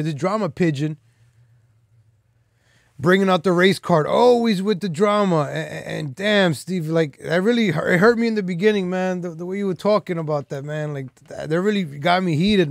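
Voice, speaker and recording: A male live stream host with a slightly high voice rambles through casual commentary, loose and full of "like" and "man" fillers. He's teasing and boastful. The clean studio sound has no room echo.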